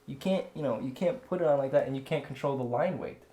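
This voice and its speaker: A man's voice: mid-range voice, quick pace, warm tone. A man co-hosting a casual drawing lesson, explaining step by step while he demonstrates. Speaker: drawing instructor co-host. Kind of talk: casual teaching chat.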